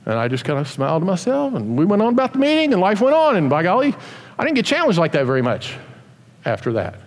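A man preaching a sermon, telling stories animatedly and acting out voices in quick asides. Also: high-pitched, wildly swooping pitch, in a large hall. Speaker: pastor.

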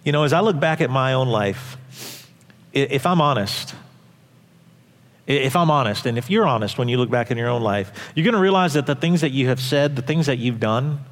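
A male pastor delivers a sermon in a church hall with long reverb, his voice medium-pitched and brisk. His preaching is animated, emphatic, and conversational.

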